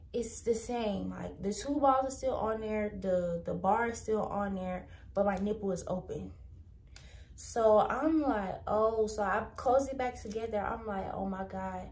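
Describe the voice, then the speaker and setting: A young woman tells a storytime vlog in an animated rush, full of "like" and "I'm like." Her voice sits at a middle pitch. The room around her is echoey. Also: unhurried, distant mic. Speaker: vlogger.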